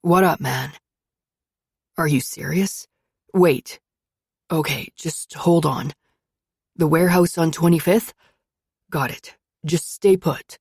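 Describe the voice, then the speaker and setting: A woman voicing a brooding, possessive young man who talks in a low, gruff mumble. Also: slow pace, long pauses, darkish tone, no echo, clean studio sound, heavily acted.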